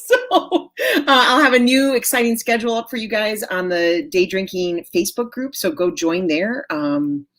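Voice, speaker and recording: A woman's voice: medium pitch, moderate pace, few pauses, fairly bright tone. A woman in her forties hosting an author interview over a video call, chatty and enthusiastic, with many fillers and frequent laughs. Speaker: host of an author interview show. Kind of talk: casual video chat interview.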